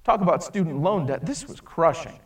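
A male preacher delivering a sermon in a high, animated voice. He acts out the people in his stories and drops from forceful emphasis to quiet, hushed lines. The mic sits a little away from him. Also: moderate pace, distant mic.

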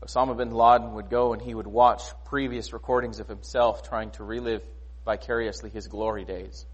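A man preaching a sermon in a conversational, animated way, often asking rhetorical questions. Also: fairly low pitch, moderate pace, husky. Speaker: pastor.

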